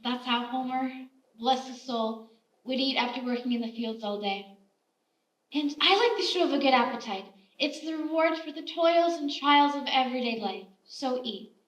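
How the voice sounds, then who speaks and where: A woman's voice: sits high, normal speed, distant mic, natural voice. A woman playing a chatty frontier baker. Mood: chatty scolding. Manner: motherly, scolding, chatty. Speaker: stage actor. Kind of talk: live stage play acting. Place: theater stage. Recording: roomy theater stage, heard from afar.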